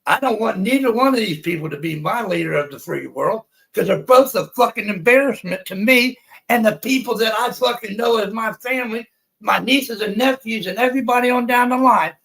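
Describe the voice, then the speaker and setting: Swearing constantly, a heated American man rants on a livestream where he sits on a panel. He talks a little fast in a high, slightly bright voice with vocal fry, and the audio is poor.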